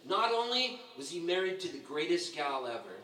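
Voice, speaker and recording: A man's voice: on the high side, moderate pace. A man in his sixties giving a roast tribute at a bar, telling stories with laughter and acting out quotes from others. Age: 60s. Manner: animated, laughing storyteller who acts out quotes. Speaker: roast speaker. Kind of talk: storytelling tribute at a live roast. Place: bar with a live audience. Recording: echoey room, distant mic, background noise.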